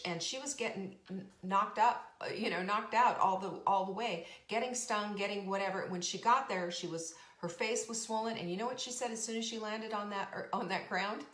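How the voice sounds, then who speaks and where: A woman's voice: medium pitch, a bit bright, echoey room. A woman hosting a motivational talk as a coach, speaking emphatically and earnestly with lots of repetition. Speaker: podcast host and coach.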